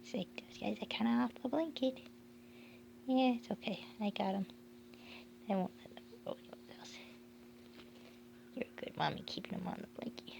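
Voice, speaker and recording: A woman filming her cats at home, talking to them in soft whispers and baby talk, with frequent laughs. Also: fairly high pitch, normal speed, vocal fry, pauses often. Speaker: cat owner filming her pets. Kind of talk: casual baby talk to pets. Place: home, indoors.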